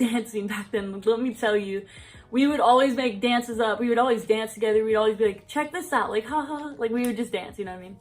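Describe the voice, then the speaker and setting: A young woman in her vlog, talking in a somewhat high voice and rambling from one story to the next. She peppers every sentence with "like" and breaks into laughs as she goes. Faint music sits under her voice. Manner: rambling, fills speech with "like", laughs often. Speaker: vlogger. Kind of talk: casual storytime chat.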